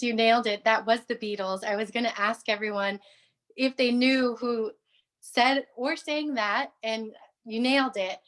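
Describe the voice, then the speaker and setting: A woman's voice: a little high, a bit bright. A woman opening a prepared speech at an online club meeting, greeting formally and asking the audience questions, over a video call. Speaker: club speaker.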